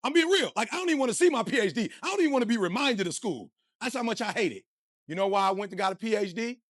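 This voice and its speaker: Male motivational speaker, high and punchy, preaching to the crowd, dry sound. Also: racing, no room sound. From Detroit, USA. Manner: energetic, preachy, slang-heavy, addresses the crowd directly. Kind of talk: motivational speech.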